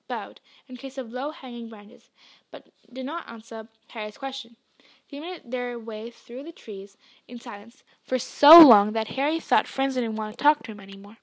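A woman reads a novel aloud, slow and hushed as she tells the story. Her voice sits slightly high. The recording is dry, with no room sound. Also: dry recording. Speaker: reader.

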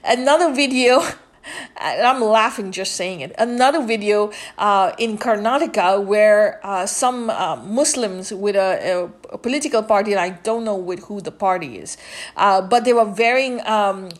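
A woman hosting a podcast, rambling in a casual monologue with many fillers and restarts, turning indignant at times. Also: medium pitch. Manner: indignant commentary. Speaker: podcast host.

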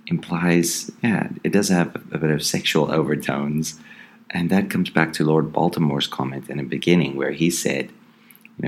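A man with an extremely low voice reviews a horror comic as a podcast host. He talks casually and thoughtfully, pausing on ums and restarting his sentences. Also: steady tone.

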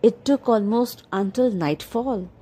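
A woman reading a children's story aloud in a measured storytelling manner. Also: fairly high pitch, mellow, husky.

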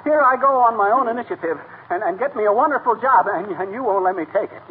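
A man's voice: high-pitched, fast talker, close to an everyday voice. A man playing Fibber McGee, a blustering braggart. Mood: whining. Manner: stammering, huffy and boastful. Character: blustering braggart small-town husband, middle-aged. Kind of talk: 1940s radio comedy acting. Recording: tinny hissy 1940 radio broadcast.

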